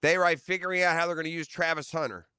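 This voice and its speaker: A male sports radio host with a smooth, crisp and bright voice, sitting a little high in pitch. He reads notes aloud in a relaxed, conversational way. The studio sound is dry and close. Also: fast, no echo.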